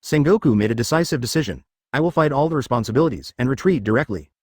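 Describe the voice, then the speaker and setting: A man's voice: medium pitch, expressive, fast talker, darkish tone, no room sound, clean studio sound, lightly acted. A man voicing a stern older male fleet commander who gives orders, in a story reading.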